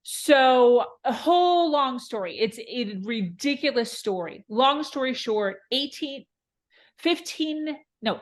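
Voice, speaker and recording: A woman in her thirties telling a candid, emotional story about her own life as a podcast guest. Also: a little high. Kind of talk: personal story in an interview.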